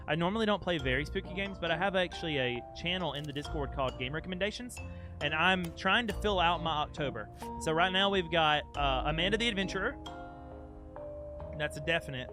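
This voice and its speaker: A young man streaming a game, chatting casually and playfully with his chat. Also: a little high. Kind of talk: casual live-stream chat over gameplay.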